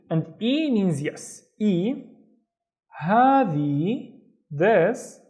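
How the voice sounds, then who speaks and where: A man teaching a beginners' reading lesson, patient, slowly repeating each syllable. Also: on the high side, expressive, darkish tone. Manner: patient, slow repetition of syllables. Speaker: Arabic teacher.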